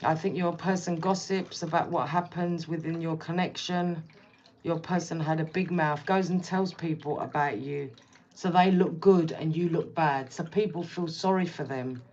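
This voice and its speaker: A woman's voice: sits low, steady tone, moderate pace, a little mellow, dull audio. A woman giving a casual tarot reading, speaking bluntly and repeating herself as she addresses the viewer directly. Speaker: tarot reader.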